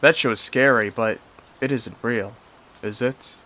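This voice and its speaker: A man's voice: mid-range voice, measured pace, pushed and bright, low-quality recording. A man voicing a scared little boy asparagus from a kids' cartoon, whiny and nervous.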